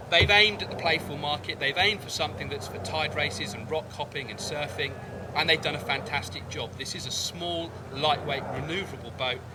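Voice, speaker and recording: A man giving a measured, enthusiastic product review, often doubling words for emphasis. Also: fairly high pitch, background noise. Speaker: kayak reviewer.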